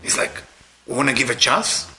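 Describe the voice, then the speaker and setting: Man, informal sermon, non-native English, tense bright voice, loud-to-quiet swings. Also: medium pitch, lively intonation, normal speed, a little hiss or hum. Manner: emphatic, swings from loud to hushed.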